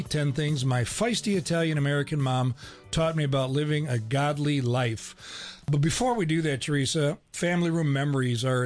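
A man co-hosting a radio show, introducing a guest in an easygoing way. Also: on the high side. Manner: relaxed, easygoing with fillers. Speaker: radio co-host. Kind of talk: studio interview.

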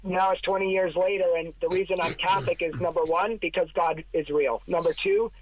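A man tells his story as a podcast guest, earnest and emphatic, counting off his points one by one. His voice sits a little high for a man. The sound is close and dry. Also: fairly even intonation, a little fast, dry recording, low-quality recording. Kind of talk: casual storytelling.

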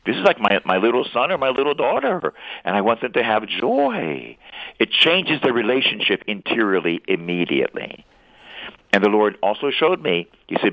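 A man, a priest, preaching earnestly on a radio talk show, animated with playful asides. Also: on the low side, moderate pace, no room sound. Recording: tinny phone line, dry.

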